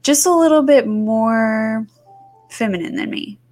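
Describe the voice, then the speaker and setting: A woman's voice: on the high side, a little slow, darkish tone, soft background music. A woman co-hosting a podcast, chatting casually with many fillers and restarts. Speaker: podcast co-host. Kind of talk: casual chat.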